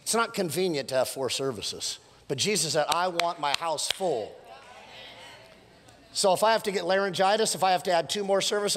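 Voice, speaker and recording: Slightly hoarse guy preaching, animated and joking, high pitched, big echoey church hall. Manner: animated, storytelling with playful asides and rising exhortations. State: hoarse from preaching several services. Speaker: pastor. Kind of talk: sermon. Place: church sanctuary. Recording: long church hall reverb.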